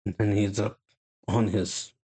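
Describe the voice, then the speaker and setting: A man hosting a reaction video, retelling and reading a comic chapter aloud in a halting way full of fillers. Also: lowish voice, little pitch movement, dark tone, breathy edge, dry recording. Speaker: channel host.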